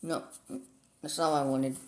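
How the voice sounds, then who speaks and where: A man's voice: a little high, flat delivery, moderate pace. A male gamer at home giving casual commentary on a strategy map game, rambling and easily sidetracked, with lots of "like.". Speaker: gaming commentator.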